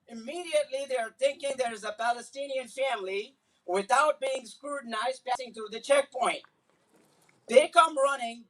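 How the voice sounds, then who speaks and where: High-voiced man giving an impassioned speech. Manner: earnest, building to forceful emphatic repetition. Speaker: community speaker at a solidarity event. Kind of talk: impassioned public speech with personal stories. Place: Islamic center event. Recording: voice picked up from a distance.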